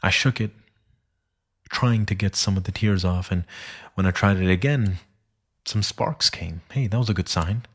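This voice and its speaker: Man reading a creepy story, super deep and breathy, slow and hushed, whispers a lot. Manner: solemn, hushed storytelling that often sinks to a whisper. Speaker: story narrator. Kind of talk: scripted thriller narration.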